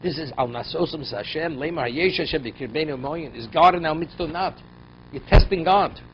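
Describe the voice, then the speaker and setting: A male rabbi teaching a class, reading verses aloud and then unpacking them with pointed questions. His voice sits somewhat high and keeps jumping up and dropping low for emphasis. The recording is dull and lo-fi, with faint noise underneath. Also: normal speed. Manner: reads Hebrew verses, then explains in English with rhetorical questions; voice rises and drops sharply for emphasis. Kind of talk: Torah class, translating and explaining verses.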